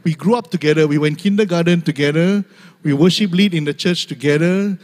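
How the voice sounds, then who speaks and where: A man's voice: on the high side, fairly quick, a little mellow, in a large hall. A young man preaching a humorous sermon, laughing often and mimicking voices in asides. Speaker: pastor.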